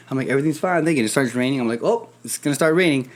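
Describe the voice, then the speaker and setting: Animated man telling stories on a podcast. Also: mid-range voice, rapid-fire. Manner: animated storyteller, acts out quoted voices, swears casually. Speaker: podcast host. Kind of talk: casual chat.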